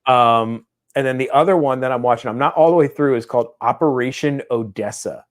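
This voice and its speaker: This podcast co-host, mid-pitched and conversational, talks fairly quickly on a casual chat show. He spins a long, winding story with plenty of restarts, briefly acting out the people in it.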